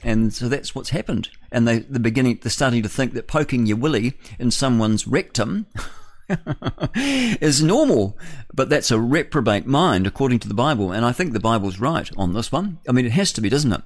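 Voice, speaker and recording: A man's voice: mid-range voice, expressive, brisk, few pauses. A male radio host delivering a rambling, opinionated solo monologue in a studio, often chuckling at his own remarks.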